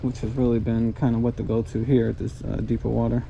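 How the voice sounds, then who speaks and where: A man's voice: medium pitch, level tone, fast, gravelly, dull audio, a little hiss or hum. A man vlogging a fishing trip from a boat on a lake, chatting to himself and the fish. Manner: talks to himself and the fish, thrilled shouting once hooked. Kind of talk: casual fishing vlog commentary. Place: on a boat on a big lake, outdoors.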